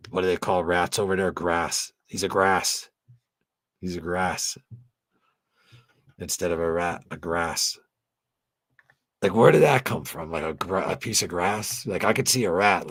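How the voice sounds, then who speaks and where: A low-voiced man with a gravelly, husky edge hosts a late-night live stream, chatting loosely and rambling from one thought to the next. He swears freely and keeps the talk casual and unscripted, and his voice sits close and dry, with no room sound around it. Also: no room sound. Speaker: host of a fan tribute channel.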